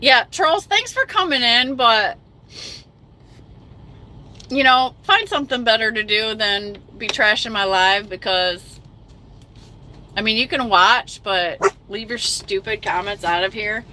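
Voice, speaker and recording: A woman's voice: fairly high pitch, unhurried, long pauses, pushed and bright, a little hiss or hum, rough recording. A middle-aged woman chatting emphatically on a livestream, reading viewer comments aloud, emotional after crying. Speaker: trucking livestreamer reading chat. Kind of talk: casual livestream chat.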